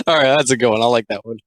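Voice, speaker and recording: A young man giving sarcastic, rambling reaction commentary, full of filler words and quick asides. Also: mid-range voice, no echo, low-quality recording.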